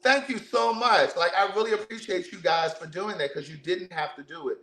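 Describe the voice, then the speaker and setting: A man telling stories loudly and animatedly while cooking, full of profane banter with his viewers. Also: a little high, a little fast, roomy sound. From Baltimore, USA. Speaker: vlogger. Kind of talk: casual storytelling while cooking.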